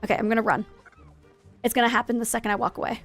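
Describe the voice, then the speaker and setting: A woman's voice: fairly high pitch, fairly even intonation, rapid-fire, a bit bright, faint music behind. A woman live-streaming a game in casual chat, greeting viewers and going off on playful, jokingly dramatic rants.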